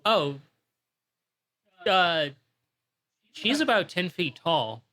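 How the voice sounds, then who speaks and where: A woman narrating as game master of a tabletop game, in an unhurried, casual way. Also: fairly low pitch, big pitch swings, a bit bright.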